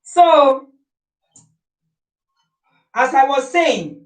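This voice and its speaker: A woman's voice: sits high, very animated, very slow, distant mic, soft background music. A woman with a Nigerian accent talking to her live-stream viewers, making her case with repeated rhetorical questions. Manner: forceful, rhetorical, repeats points. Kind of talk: opinionated live-stream talk. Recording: echoey room, voice off-mic.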